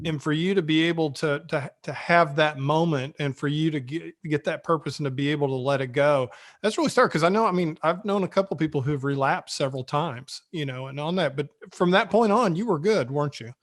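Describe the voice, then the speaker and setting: A man's voice: on the high side, a little fast. A man hosting an interview, supportive and conversational, trailing through restarts. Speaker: interviewer, editor-at-large.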